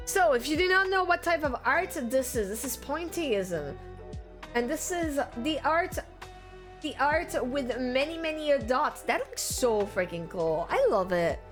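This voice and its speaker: A woman streamer, chatting casually with viewers and greeting them with excited squeals. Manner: bubbly, greets chat with high excited squeals. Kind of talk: casual live-stream chat.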